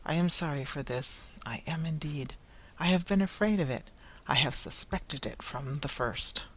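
Narrator voicing a hushed, grave man. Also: medium pitch, moderate pace, breathy edge, lightly acted. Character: grave pale-faced man with bad news.

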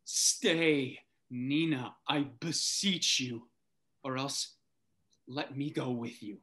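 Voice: medium pitch, slow, fairly bright tone. A young actor playing a lovesick young male writer in a stage drama over a video call, impassioned and pleading. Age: young adult. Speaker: student actor. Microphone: video call microphone.

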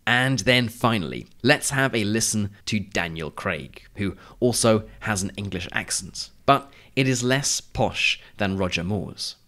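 Brief: male lesson host, slightly low voice, clear measured read. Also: lively intonation, pushed and bright. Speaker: podcast host. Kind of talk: scripted narrated lesson.

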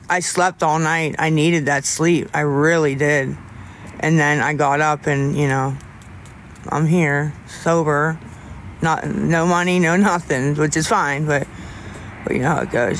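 A young man chatting on a livestream, his voice sitting a touch high for a man. He rambles and stops short to restart, filling gaps with "you know" and "like." He speaks candidly about staying sober, with a faint background noise. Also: fairly bright tone. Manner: rambling, halting, frequent restarts and fillers. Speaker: livestreamer answering chat. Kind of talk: casual livestream chat.

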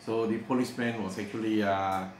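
A man preaching a sermon, pausing often with "uh" and slowing down to stress scripture verses. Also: fairly low pitch, steady tone, a little mellow. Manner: halting, with frequent "uh" pauses. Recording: echoey room, faint background noise.

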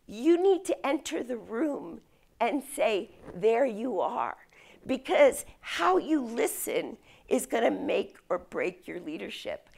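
A middle-aged woman from the United States giving a leadership lecture, telling stories in an animated way. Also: on the high side, gravelly, slightly rough. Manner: storytelling, animated. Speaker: speaker.

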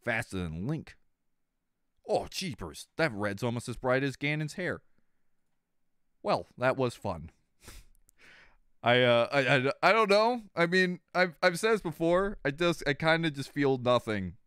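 A man streaming a game, chatting casually, excitable and swearing, jumping into shouts and tangents. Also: mid-range voice, a little slow, long pauses, smooth, dry recording, clean studio sound. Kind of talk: let's play commentary.

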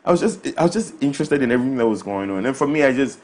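A man hosting a casual panel chat, talking in lively asides and laughing now and then. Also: mid-range voice, racing. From Ghana. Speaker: host.

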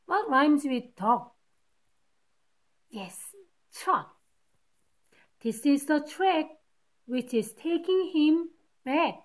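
A woman's voice: high-pitched, expressive, drawn-out words, pauses often. A woman teacher reading a picture book aloud to children, patiently stopping to point out the rhyming words. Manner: patient, explains each rhyme to kids.

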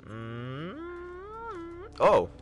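A man's voice: mid-range voice, big pitch swings, drawn-out words, soft background music. Joking male game streamer. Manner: joking, self-mocking, talks to chat. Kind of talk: casual gameplay commentary.

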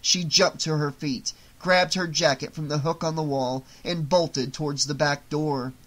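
An audiobook narrator reading a novel aloud in a steady storytelling manner. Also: medium pitch, measured pace.

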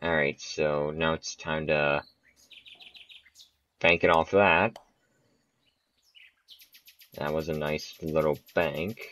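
A man's voice: rumbling low, little pitch movement, slow pace, long pauses, a bit bright. A young man giving casual, chatty commentary on his own gameplay, laughing at his missed shots. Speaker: gaming channel host. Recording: muffled, dry home recording.

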